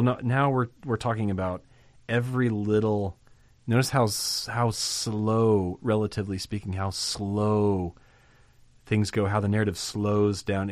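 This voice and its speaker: A man's voice: low-pitched, a little mellow, dry recording. A man preaching a sermon, reading scripture aloud and commenting on it in a conversational way. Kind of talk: sermon on a Bible passage.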